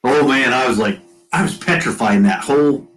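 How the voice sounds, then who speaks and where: A man's voice: mid-range voice, a little fast, low-quality recording. A middle-aged man, a former Marine, chatting as a guest, laughing often and chiming in. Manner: laughs a lot and chimes in, with a lively voice. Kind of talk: casual chat.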